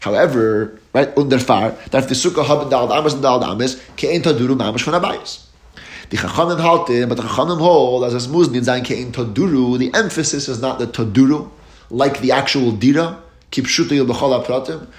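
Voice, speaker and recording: A man lectures on Talmud with an even-pitched voice in a middle register. He explains each point in a steady teaching rhythm and stresses the key terms. The room adds a noticeable echo. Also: a little fast. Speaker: Torah teacher. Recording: echoey room.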